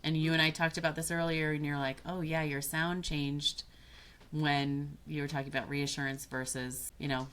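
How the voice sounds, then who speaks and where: A woman with a notably low voice speaks as a podcast guest. She talks thoughtfully and unhurriedly, stopping to rephrase and search for the right words as she explains an idea. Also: flat delivery, moderate pace, a bit bright, clear, resonant tone. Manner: thoughtful, searching for words, restarts mid-phrase. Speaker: guest, business coach. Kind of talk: reflective podcast conversation.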